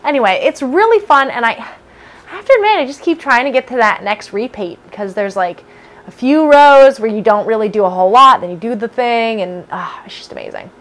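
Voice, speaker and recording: A woman chatting on her own podcast in a loose, rambling, self-deprecating manner. Her voice sits a little higher than most. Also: lively intonation, a little fast, fairly bright tone. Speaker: podcast host. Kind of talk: casual chat. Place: home basement room with space heater.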